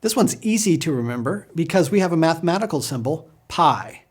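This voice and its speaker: A man's voice: on the high side, animated, fast talker, darkish tone, slightly rough. A man leading a patient pronunciation lesson, drilling sounds for the listener to repeat. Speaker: language teacher.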